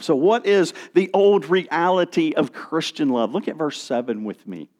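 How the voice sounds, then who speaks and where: A man's voice: on the high side, normal speed, hardly any pauses. A man preaching a sermon as pastor, speaking with strong emphasis and occasional restarts. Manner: expressive preaching with rising and falling emphasis, some restarts.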